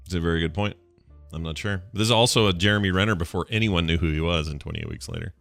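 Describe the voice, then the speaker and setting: A man co-hosting a podcast in casual chat, excitable and quick to laugh. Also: gravelly, no room sound, soft background music. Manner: excitable, laughs often, jumps in pitch when worked up. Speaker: podcast co-host.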